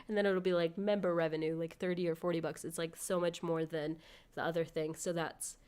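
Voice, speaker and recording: Giggly woman streamer, smooth low voice. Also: flat delivery, fairly quick, darkish tone. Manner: giggly, rambling, thanking donors. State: sick with covid. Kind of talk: casual live-stream chat.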